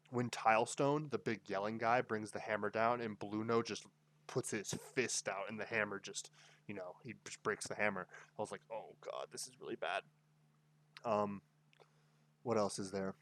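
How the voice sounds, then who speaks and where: A man giving casual, excited commentary, rambling with lots of fillers and tag questions as he reviews a story. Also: on the low side. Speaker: anime reviewer. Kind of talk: casual tier-list commentary.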